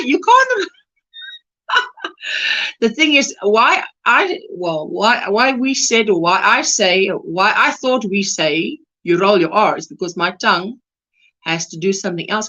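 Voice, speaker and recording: Woman, South African accent, livestream host, slow unhurried pace, slightly muffled lo-fi sound, chatty, reads comments aloud. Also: medium pitch, pushed and bright. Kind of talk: casual livestream chat.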